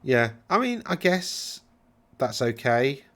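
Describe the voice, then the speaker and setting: A man's voice: medium pitch, big pitch swings, slow pace, a bit bright. A man hosting a casual commentary, rambling, correcting himself and brushing things off with wry remarks. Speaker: channel host reviewing game rules.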